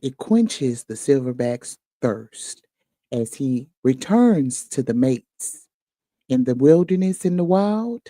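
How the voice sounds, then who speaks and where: A woman putting on a slow, low, mock-serious wildlife documentary narrator voice. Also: big pitch swings, warm tone, no echo, heavily acted. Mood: mock-solemn.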